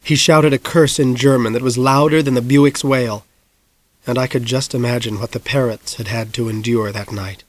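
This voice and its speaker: A man in his forties narrating an audiobook in a measured storytelling voice, close on a studio mic. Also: mid-range voice, steady tone. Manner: measured storytelling, rising to shouts in action. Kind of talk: scripted narration.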